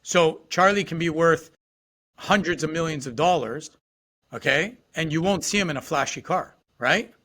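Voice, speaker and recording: A man's voice: fairly high pitch, moderate pace, fairly bright tone, a little hiss or hum. A man in a casual podcast chat, talking with lots of "you know" and "right?" fillers.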